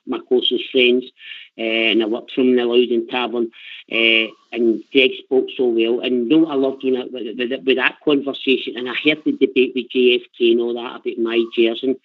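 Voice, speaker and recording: An older Scottish man calling in to a radio show, talking with emotional passion and repeating himself. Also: mid-range voice. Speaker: caller. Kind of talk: phone-in chat. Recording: tinny phone line.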